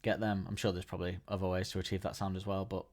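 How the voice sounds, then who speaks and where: Low-voiced rambling podcast host, man. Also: flat delivery, quick pace, a little mellow. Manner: enthusiastic, rambling, frequent restarts. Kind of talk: casual solo podcast chat.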